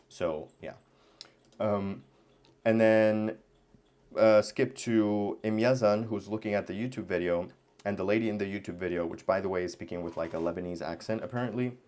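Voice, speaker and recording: A man's voice: deep voice, darkish tone. A man teaching a language lesson at his computer, talking casually and thinking aloud, with many fillers and restarts. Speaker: Arabic teacher.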